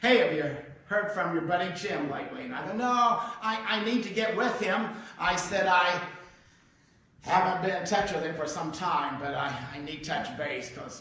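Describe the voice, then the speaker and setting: A man's voice: a little high, fairly bright tone, slight background noise. A middle-aged male pastor telling a personal story in a sermon, in a conversational, folksy way, acting out the dialogue. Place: church sanctuary. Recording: echoey church hall, mic heard from a distance.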